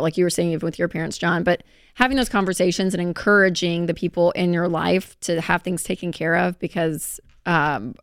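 A woman's voice: lowish voice, vocal fry, dry recording, studio quality. A woman co-hosting a call-in advice show, encouraging callers and reading sponsor plugs. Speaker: radio show co-host.

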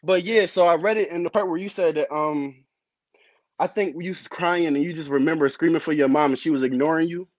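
A male caller on a video call, speaking earnestly and haltingly about his feelings. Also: on the high side, no echo, muffled recording. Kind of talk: casual call-in chat.

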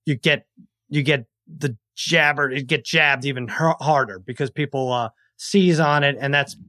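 A man in his forties telling a story in casual chat on a podcast, acting out his family's shouts. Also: medium pitch. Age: 40s. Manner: animated storyteller who acts out family members' shouts. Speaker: podcast guest.

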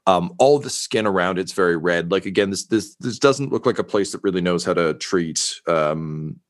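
A man's voice: low voice, normal speed. A man narrating a tabletop game as game master, rambling with many fillers.

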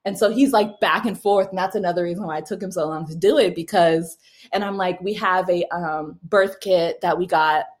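A young woman casually telling a personal story, animated, laughing often, with quick asides. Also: on the low side. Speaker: mother telling a birth story.

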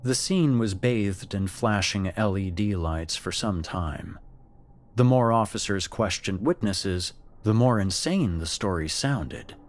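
A man narrating a horror story in a slow, measured, scripted storytelling manner. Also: lowish voice, animated.

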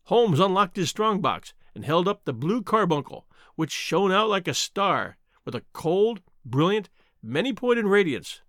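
A man narrating an audiobook in an expressive storytelling voice. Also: high-pitched, measured pace, no room sound, studio quality. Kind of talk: audiobook reading.

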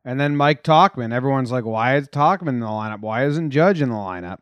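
Man, young, podcast co-host, joking sports banter, mid pitch, dry close sound. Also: lively intonation, fairly quick, a bit bright, no room sound. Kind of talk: casual sports chat.

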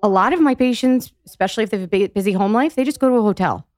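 Emphatic woman guest explaining clearly. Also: mid-range voice, rapid-fire, a little mellow, no room sound, clean studio sound. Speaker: physical therapist guest. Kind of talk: podcast interview.

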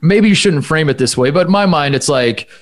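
A man's voice: on the high side, lively intonation, brisk. Rambling man podcast co-host. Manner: rambling, self-interrupting storyteller. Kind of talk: casual chat. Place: home studio with his dog.

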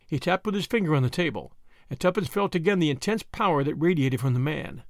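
A male narrator reading a story aloud with a fairly high, animated voice. The delivery is clear and expressive, recorded dry and close with no room sound. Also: fairly quick, no echo. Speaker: audiobook narrator. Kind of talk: scripted narration.

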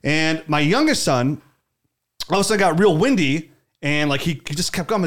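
A man's voice: on the high side, moderate pace. A man in his forties, a podcast co-host, telling stories in casual chat and acting out the quotes. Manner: animated, acts out quotes.

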